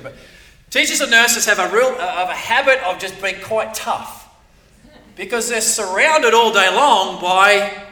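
A man's voice: high-pitched, bright, forceful tone. A man preaching a sermon in a conversational way, often repeating words and checking in with "right?". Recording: echoey room, voice from a distance.

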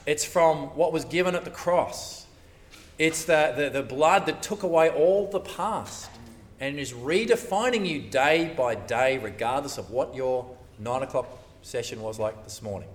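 A man preaching a sermon, animated and conversational, often acting out the voices of churchgoers. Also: mid-range voice, measured pace, distant mic, slight background noise.

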